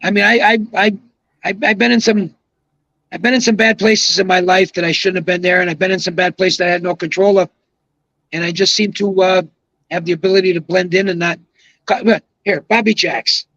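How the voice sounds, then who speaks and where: An older man in his seventies with a fairly high voice rambles through a long anecdote and leans hard on his emphatic asides. The sound is dry and close, with a dull, lo-fi edge. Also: fairly even intonation, a little fast, fairly bright tone, no room sound. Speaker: guest, retired pro bowler. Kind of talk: casual storytelling on a podcast.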